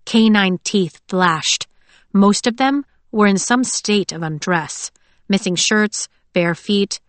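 A woman narrates an audiobook, reading scripted text in a measured, expressive way. Her voice is medium-pitched, and there's no room sound.

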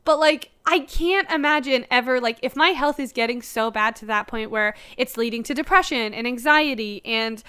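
A young woman talks in a casual, animated chat and peppers her speech with "like." Her voice sits a little high and sounds smooth and clear. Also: moderate pace, hardly any pauses. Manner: animated, frequent "like", laughs often. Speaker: co-host.

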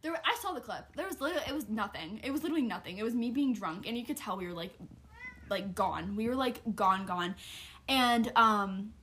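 A young woman spins a long personal story for a casual podcast. Her voice sits a touch high, and she rambles through fillers and restarts with blunt, profane candor. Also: lively intonation, brisk, fairly bright tone, breathy edge. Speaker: podcast co-host telling a story.

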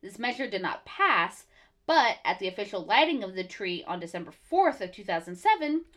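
A woman's voice: mid-range voice, sing-song, fairly quick, fairly bright tone. A woman co-hosting a casual podcast, reading facts from her notes with blunt, sarcastic asides. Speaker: podcast co-host.

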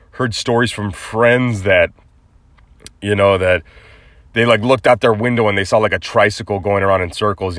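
A man with a lowish voice tells a personal story in a loose, rambling way, full of fillers and restarts. The sound is dry and close, with no room around it. He talks like a casual podcast host. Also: a bit bright, dry recording.

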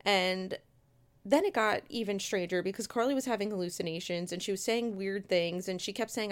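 A woman's voice: mid-range voice, moderate pace. A woman casually telling a true-crime story, chatty and conversational, with asides to her listeners. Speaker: storyteller host.

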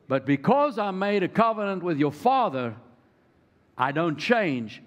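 Higher-voiced man preaching a sermon. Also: big pitch swings, measured pace. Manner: preaching with rising emphasis, calls to the congregation. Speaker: pastor.

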